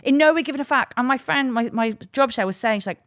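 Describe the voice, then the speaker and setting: A young woman hosting a solo podcast, ranting in a sweary, animated way. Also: high voice, quick pace, no echo, clean studio sound. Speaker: podcast host.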